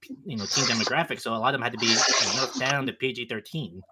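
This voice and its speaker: A man's voice: mid-range voice, heavy background noise. A man appearing as a podcast guest, telling stories eagerly in casual chat. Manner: eager, quick storytelling.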